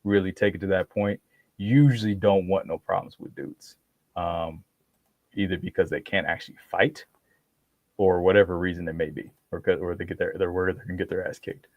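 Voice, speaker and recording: A man's voice: low-pitched, moderate pace, no echo, phone-quality sound. A man hosting a podcast, telling a story in casual chat, laughing often and acting out what people said. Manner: animated, laughs often, acts out quoted voices. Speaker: podcast host.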